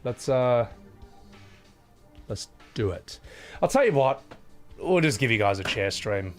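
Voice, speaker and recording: A man's voice: medium pitch, big pitch swings, takes it slowly, soft background music. A man with a Scottish accent chatting casually on a live stream, blunt and sweary, thanking viewers between rants. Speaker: livestreamer.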